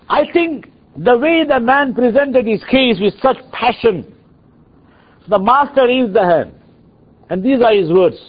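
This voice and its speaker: Animated male preacher. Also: extremely high pitch, measured pace, pauses often, husky. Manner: animated, dramatic storyteller. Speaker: preacher and teacher. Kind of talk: storytelling sermon. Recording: dull lo-fi recording.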